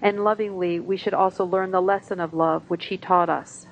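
Woman, lowish voice, slow devotional reading, dull lo-fi tape with faint hiss. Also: steady tone. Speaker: satsang reader. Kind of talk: reading translated talk and hymn text aloud.

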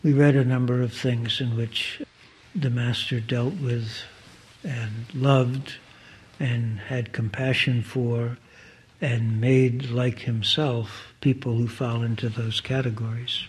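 A man giving a devotional reading and reflection at a spiritual gathering, in a measured, earnest, formal manner. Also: medium pitch, level tone, breathy edge.

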